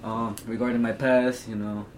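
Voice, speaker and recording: A teenage man in casual chat, talking haltingly with lots of ums and slang. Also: mid-range voice, little pitch movement, a little hiss or hum. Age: teens. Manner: halting, filler-heavy with slang. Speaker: co-host.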